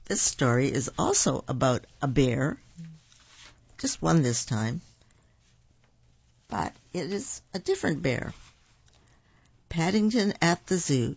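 A storyteller reads picture books aloud to children at a very slow, gentle pace, stopping for asides to the listeners. The voice has a gravelly grain. The recording is dry, dull and lo-fi. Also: mid-range voice, big pitch swings, dry recording.

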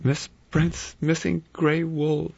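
A man voicing a frightened young woman in an audiobook, speaking in a hushed, breathy way. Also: mid-range voice, big pitch swings, moderate pace, no echo, dull audio, pitched above the performer's own voice.

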